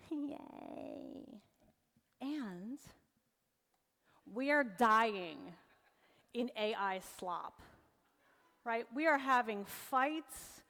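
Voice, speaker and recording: On stage in an event hall, a keynote presenter in her forties gives a humorous motivational talk to a live audience, teasing and joking along the way. Her voice is fairly high and bright, with long hall reverb on the recording.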